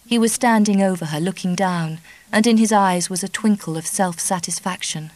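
A woman narrating a novel as an audiobook, reading in a measured, even way. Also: mid-range voice, no echo, low-quality recording. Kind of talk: scripted narration.

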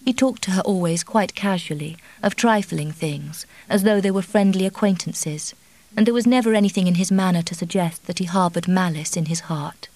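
A woman reading a novel aloud as an audiobook narrator, in a measured, even way. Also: fairly low pitch, no echo. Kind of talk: scripted narration.

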